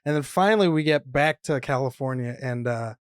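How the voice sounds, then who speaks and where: A man's voice: medium pitch, fairly quick, smooth, no room sound, clean studio sound. A man hosting a podcast, chatting casually, telling stories and chiming in with jokes. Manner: loose, joking storyteller who chimes in with quips. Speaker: podcast host. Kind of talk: casual chat.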